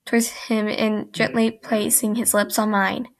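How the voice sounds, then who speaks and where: A young woman reading a fan fiction aloud in first person, halting and restarting mid-sentence, and breaking off for chatty asides. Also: medium pitch, flat delivery. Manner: breaks off for chatty, giggly comments.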